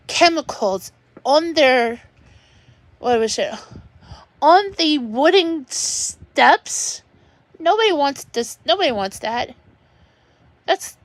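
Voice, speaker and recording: A woman talks at length from home during a personal livestream. Her voice sits a little high and she speaks slowly. She rambles, keeps restarting her sentences and sounds upset throughout, recorded dry and close. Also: no room sound. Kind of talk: emotional personal livestream monologue.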